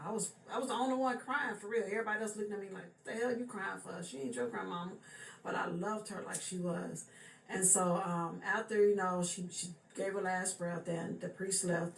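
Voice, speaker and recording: Chatty woman telling a story, echoey room. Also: fairly low pitch. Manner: chatty, loosely repeats "she said" and "for real". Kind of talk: casual spoken storytelling. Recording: echoey room with faint background noise.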